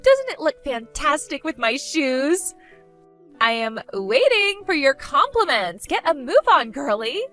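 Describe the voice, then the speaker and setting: A woman's voice: sits high, big pitch swings, unhurried, pushed and bright, soft background music, exaggerated voice. A woman voicing a spoiled, vain young woman who gloats, insults and giggles in a text-story skit. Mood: demanding.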